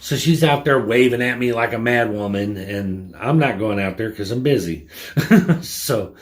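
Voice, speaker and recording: A man's voice: fairly low pitch, animated, unhurried. A man vlogging a casual story and rant about a rude customer at his gas station job, blunt and profane.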